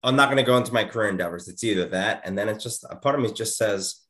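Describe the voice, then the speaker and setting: A man's voice: lowish voice, fast talker, a bit bright. A man chatting casually on a podcast over a video call, rambling with lots of fillers. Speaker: podcast co-host. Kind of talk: casual chat. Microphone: video call mic.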